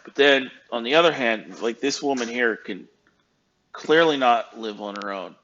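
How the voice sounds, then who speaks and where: A man's voice: mid-range voice, expressive, normal speed, fairly bright tone, lo-fi sound, slight background noise. A man in his fifties giving casual commentary, rambling and hesitant with many fillers. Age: 50s. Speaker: YouTube commentator.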